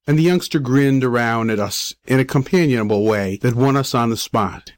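A man reading a short story aloud as a volunteer audiobook reader, plain and measured. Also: mid-range voice, no echo. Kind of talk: scripted narration.

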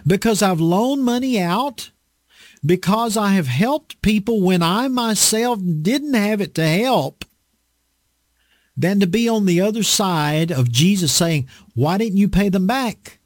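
A man's voice: high voice, expressive, slow pace, no room sound, clean studio sound. A man preaching a casual, conversational sermon, folksy and emphatic, often repeating his points.

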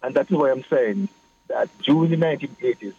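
A man, a political guest explaining his views in a measured way on a radio talk show. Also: medium pitch, a little mellow. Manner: measured, explanatory, repeats phrases. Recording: muffled radio broadcast with faint hiss.

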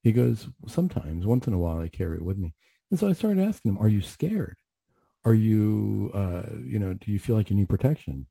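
A man's voice: on the low side, very animated, fairly quick, creaky, dark tone, husky, no room sound. A man on a radio show telling a personal story in an earnest, conversational way, often restarting his sentences.

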